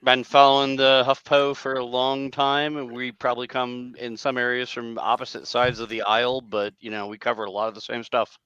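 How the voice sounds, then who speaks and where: Bright, dry-voiced man co-hosting. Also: mid-range voice, flat delivery, moderate pace, hardly any pauses, clean tone, no room sound, muffled recording. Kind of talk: casual chat.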